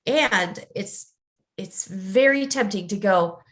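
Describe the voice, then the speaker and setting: Slow, earnest coach woman. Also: a little high, lively intonation. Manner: earnest and conversational, acting out little scenes. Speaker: ADHD coach. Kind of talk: recorded teaching talk.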